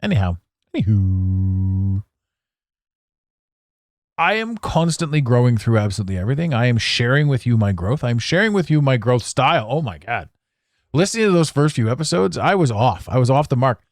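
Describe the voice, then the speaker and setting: A man hosting a solo podcast monologue, animated and theatrical, swearing now and then. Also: medium pitch, moderate pace, dry recording, studio quality. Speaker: podcast host.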